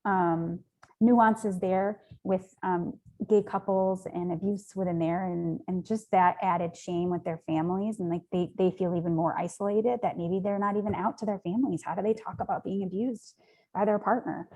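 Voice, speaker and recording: A woman's voice: mid-range voice, fairly even intonation, normal speed, warm tone. A woman speaking as an interview guest, earnest and rambling, with frequent ums and likes. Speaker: nonprofit founder, interview guest. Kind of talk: conversational interview.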